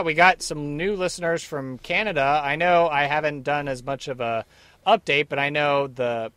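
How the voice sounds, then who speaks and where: A man's voice: on the high side, fairly bright tone, dry recording. A man co-hosting a podcast in casual chat, playful and riffing, who laughs easily. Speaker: podcast co-host. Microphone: podcast mic with headphones, remote.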